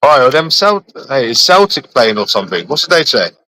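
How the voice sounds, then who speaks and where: A man's voice: mid-range voice, big pitch swings, a little fast, pushed and bright, slight background noise, poor audio. A young man, chatting casually with friends in repetitive, laughing, slangy banter. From London. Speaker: streamer.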